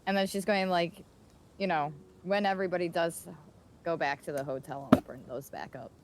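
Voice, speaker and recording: Low-voiced woman playing a tabletop game. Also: fairly even intonation, moderate pace, very noisy. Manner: casual, hesitant. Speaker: player. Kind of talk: casual tabletop game talk.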